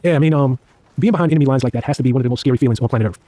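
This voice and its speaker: A man's voice: mid-range voice, rapid-fire, mellow, no echo. A man interviewing a guest on a casual podcast, asking questions with many fillers and restarts. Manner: hesitant, filler-heavy questioning.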